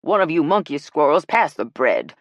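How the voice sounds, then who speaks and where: A woman's voice: low-pitched, wildly swooping pitch, normal speed, no room sound. A woman voicing a blunt, teasing older woman with a brash, bossy manner, in an audiobook.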